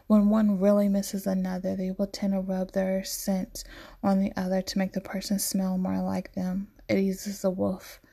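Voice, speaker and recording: A woman reading a novel aloud, voicing the characters' lines softly and often near a whisper. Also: medium pitch, vocal fry. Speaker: narrator.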